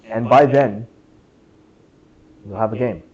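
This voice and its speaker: A man's voice: lowish voice, slow pace, lo-fi sound. A young man giving a casual club lecture to students, jokey and chatty, asking the room questions and saying "right?" a lot. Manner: chatty, asks the room questions, jokes, says "right?" often. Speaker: club workshop presenter. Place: classroom.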